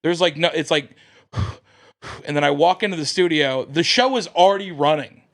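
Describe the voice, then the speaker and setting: An American man with a somewhat high voice tells a story on a podcast. He talks in a lively, animated way and acts out the people he quotes. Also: moderate pace. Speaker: comedian guest.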